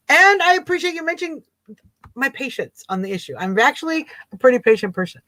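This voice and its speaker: A woman's voice: sits high, sharp tone, no echo. A woman hosting a casual livestream talk show, chatty and amused, rambling and repeating herself. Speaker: host.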